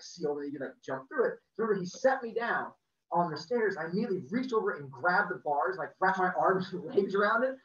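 A man spins a personal story with a lively, swooping delivery. He acts out the people in it as he goes. His voice is bright and sits back from the mic in a roomy space on a muffled video-call recording. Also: sits high, recorded from a distance.

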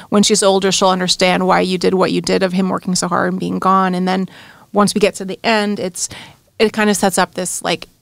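A woman's voice: mid-range voice, creaky, no echo. A woman co-hosting a library podcast about horror films, talking casually and rambling through her thoughts. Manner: rambling, restarts mid-thought. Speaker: podcast co-host. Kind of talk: casual chat. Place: quiet studio.

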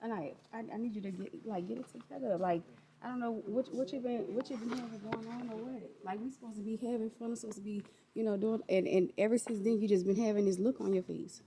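A woman's voice: on the high side, steady tone, quick pace, noisy background. A woman in a store, talking to a child in short, repeated bits and calling her baby. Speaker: vlogger pranking her goddaughter. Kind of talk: casual vlog talk to a child. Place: inside a store.

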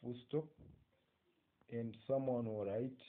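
A man with a Zimbabwean accent gives an English lesson on punctuation, dictating slowly and often checking with "okay?". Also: medium pitch. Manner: slow, dictating phrases, frequent "okay?" checks. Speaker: English teacher. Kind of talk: recorded exam-prep lecture. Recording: tinny phone-like audio.

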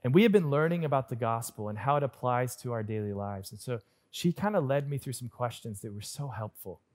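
A man pastor preaching a sermon in an earnest, personal storytelling way, swinging between lively stretches and hushed ones. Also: mid-range voice, fairly quick.

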